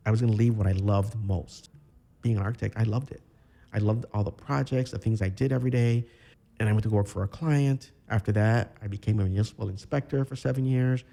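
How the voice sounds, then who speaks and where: A man from Chicago, a podcast guest, telling his own story in a candid, reflective way with halting restarts. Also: on the low side, creaky, warm tone. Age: 30s. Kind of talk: personal storytelling interview.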